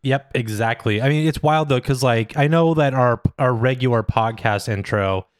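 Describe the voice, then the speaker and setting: A man's voice: medium pitch, normal speed, clean tone, no echo. A man hosting a podcast in casual chat, rambling with restarts and laughing easily. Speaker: podcast host.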